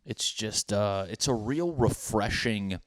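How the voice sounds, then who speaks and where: A man's voice: on the low side, slow, dry recording, studio quality. Rambling, self-mocking young man podcaster. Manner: rambling, self-mocking, bursts into mock voices. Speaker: podcast host. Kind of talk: solo comedic podcast monologue.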